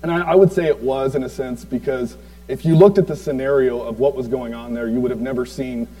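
In a rough recording, a man in his forties speaks at a medium pitch with a steady, mellow tone and a slightly fast pace. Giving a tribute to a church crowd, he rambles through a personal testimony with many fillers and asides to the audience.

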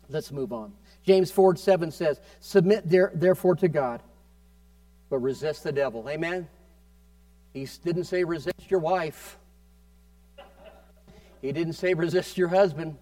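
A man's voice: high voice, warm tone, no echo, far from the mic. A man preaching a fervent sermon as pastor, often prompting the congregation with amen.

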